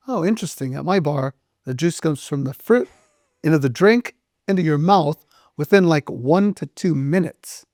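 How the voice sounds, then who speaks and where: A middle-aged man with a fairly high voice spins lively anecdotes in a casual sit-down interview. He jumps into the voices of the people he quotes and drops the odd swear word. The recording is close and dry, with little room sound. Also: normal speed, no room sound. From United States. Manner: animated storyteller acting out quoted dialogue, swears casually. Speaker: restaurant owner and guest.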